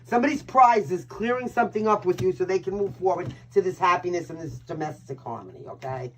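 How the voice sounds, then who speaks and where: A woman's voice: lowish voice, quick pace, a little hiss or hum, poor audio. A woman from Brooklyn with a Brooklyn accent, hosting a casual live-stream tarot reading in a chatty, brash way with swearing. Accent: Brooklyn New York. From Brooklyn, New York. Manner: chatty, brash, swears and laughs at own jokes.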